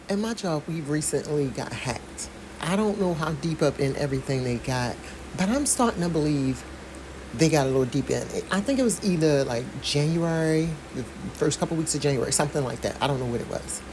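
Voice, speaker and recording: A woman's voice: deep voice, background noise. A woman vlogger giving blunt, profane commentary on the story she is reading aloud. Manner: blunt and profane, speaks frankly, asides with laughs. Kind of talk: casual commentary while reading a news article.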